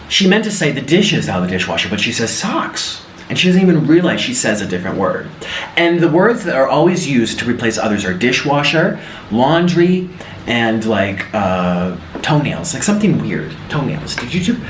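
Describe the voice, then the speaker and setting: A man's voice: fairly high pitch, very animated, brisk, slight background noise. A young man chatting through a home cooking vlog, telling family stories with gasps and mimicked voices. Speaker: food vlogger. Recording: roomy, slightly distant mic.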